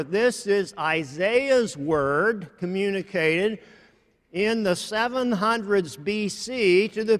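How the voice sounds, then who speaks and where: A man preaching a sermon slowly and deliberately, often restarting his phrases. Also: high voice. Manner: slow, deliberate, with many restarts. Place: large church. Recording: long church reverb.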